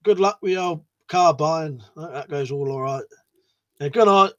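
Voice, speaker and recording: A man's voice: on the high side, normal speed, a bit bright, lo-fi sound. A man hosting a casual livestream, reading viewer messages aloud and chatting back in a matey way, swearing freely. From United Kingdom. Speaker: livestream host.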